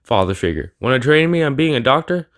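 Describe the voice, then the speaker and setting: A man voicing a timid, mopey little reindeer boy in a flat, mock-dejected way while retelling a story. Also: medium pitch, quick pace.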